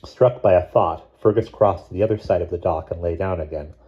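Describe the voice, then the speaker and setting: A man reading a novel chapter aloud in a measured, steady narration. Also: low voice, dull audio. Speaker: audiobook reader. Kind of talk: scripted narration.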